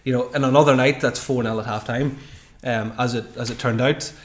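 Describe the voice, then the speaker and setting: A man in a mid-range voice who talks very fast as a podcast co-host. He rattles through match moments with eager, animated enthusiasm. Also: mid-range voice. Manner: quick, enthusiastic storytelling. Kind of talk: casual football chat.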